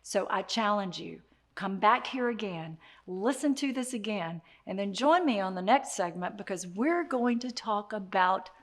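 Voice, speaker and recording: A woman giving a motivational talk, speaking straight to the listener in an animated way and repeating her key phrases. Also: mid-range voice, unhurried.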